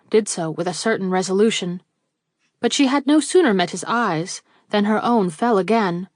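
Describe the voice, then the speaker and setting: A woman reading a classic mystery novel aloud as an audiobook narrator, in an even, measured way. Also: medium pitch, no echo, clean studio sound.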